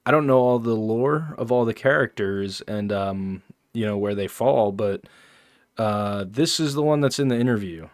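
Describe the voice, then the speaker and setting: A man's voice: on the low side, normal speed, dry recording. Male streamer, casual live commentary with rambling side remarks, dry close sound. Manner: offhand, rambling asides. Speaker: streamer reacting to a podcast.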